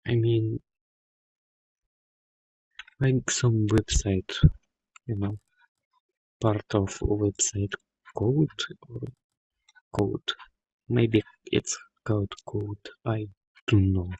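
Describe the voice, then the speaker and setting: A man's voice: fairly low pitch, steady tone, very slow, gravelly, long pauses, darkish tone, husky, no echo. A man talking casually while playing a video game, swearing often and speaking in loose, non-native phrasing. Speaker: gamer. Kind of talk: casual gameplay commentary. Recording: dull lo-fi game capture.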